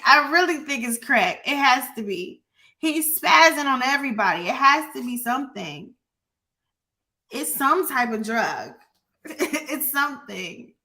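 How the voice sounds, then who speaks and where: A woman's voice: high voice, very animated, measured pace, pushed and bright. A woman giving casual reaction commentary, incredulous and quizzing her audience. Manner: incredulous, asks the audience questions.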